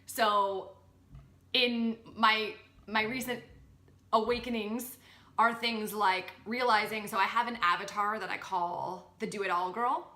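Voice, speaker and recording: Woman guest on a spiritual podcast, bright and animated, echoey room. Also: medium pitch, slow. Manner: animated and expressive, acts out inner voices. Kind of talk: spiritual coaching conversation.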